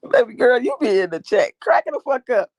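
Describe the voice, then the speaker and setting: A woman's voice: fairly high pitch, dry recording, clean studio sound. A woman hosting a livestream, ranting and talking back to her chat in a profane, confrontational way. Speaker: livestream host.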